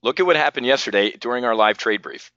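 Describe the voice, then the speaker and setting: A man's voice: mid-range voice, animated, fast talker, pushed and bright, dry recording, dull audio. A man hosting a live market commentary show, heated and ranting, tripping over his words as he talks. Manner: heated, ranting and repeating himself. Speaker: trading show host.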